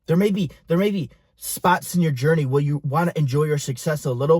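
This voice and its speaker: A man's voice: on the high side, fairly quick, few pauses, a little mellow, no room sound, studio quality. A young man, a fitness and business coach, talking straight to camera in an intense, profane, pushy motivational style.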